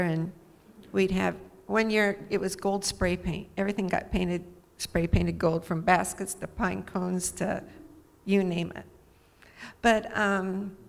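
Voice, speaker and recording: A woman's voice: mid-range voice, creaky. A woman sharing a fond childhood memory at church, in a nostalgic, reflective way. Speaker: speaker at church. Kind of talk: personal storytelling. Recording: long church reverb.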